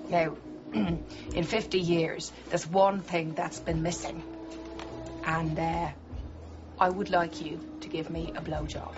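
Playful student, low voice, wry, dull sound. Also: female voice, little pitch movement, slow, background noise. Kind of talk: film dialogue. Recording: muffled film audio with music.

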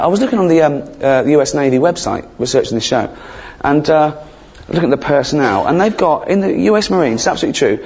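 A man doing a stand-up comedy routine, rambling and sweary, with deadpan asides that break into shrill outbursts. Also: husky. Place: theatre stage before a laughing crowd. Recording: dull live recording with loud audience.

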